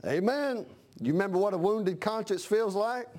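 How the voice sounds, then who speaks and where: Guy preaching, folksy, amen after amen, pretty high voice. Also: normal speed, darkish tone. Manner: folksy preaching with frequent amens, acts out voices. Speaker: pastor. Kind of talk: sermon.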